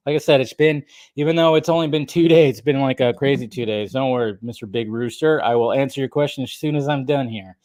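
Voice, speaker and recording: A man's voice: mid-range voice, fast talker, darkish tone, no echo, studio quality. A man hosting a film news live stream, chatting casually and rambling as he reads out viewer comments, with loose, profane talk.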